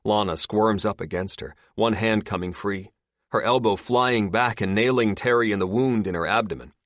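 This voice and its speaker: Reading from a script, a man narrates an audiobook at a steady, measured pace. His pitch is on the low side, and the audio is studio quality with no room sound.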